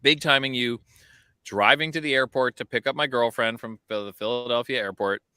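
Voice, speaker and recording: A man's voice: mid-range voice, steady tone, fairly quick, bright, forceful tone, clear, resonant tone, no room sound, clean studio sound. A man co-hosting a podcast from an outdoor rooftop deck, chatting casually with self-mocking jokes over a video call. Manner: jokey, self-mocking banter. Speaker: podcast co-host. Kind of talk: casual chat.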